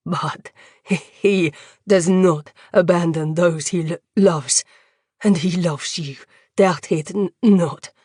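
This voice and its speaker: A woman's voice: lowish voice, darkish tone, slightly rough, dry recording, studio quality. A woman doing a wounded, stammering young captain. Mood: pained, urgent. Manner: halting, trembling, stammering delivery. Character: wounded young male captain, tender and grave.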